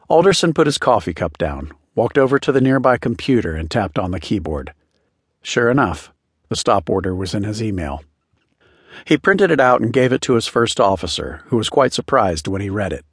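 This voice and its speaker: A man narrating an audiobook in a steady, measured way, recorded close in a studio. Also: on the low side, breathy edge, no echo. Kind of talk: scripted narration.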